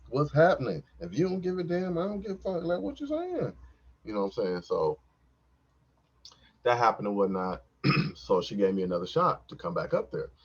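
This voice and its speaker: A man tells a story from his own life in a laid-back, slangy, rambling way. His voice sits low and a little husky. The recording is dull and lo-fi. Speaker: podcast host. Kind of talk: casual storytelling.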